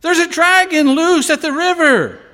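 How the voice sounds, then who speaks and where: A man voicing an excited male townsman who shouts news of a dragon. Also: extremely high pitch, unhurried, pitched above the performer's own voice, heavily acted. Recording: long hall reverb.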